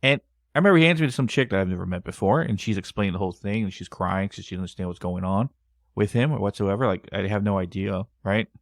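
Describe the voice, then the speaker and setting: A man with a somewhat low voice co-hosts a podcast, retelling a story casually. He acts out the quoted dialogue with lively energy, recorded dry and close. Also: fast talker, no echo. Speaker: podcast co-host.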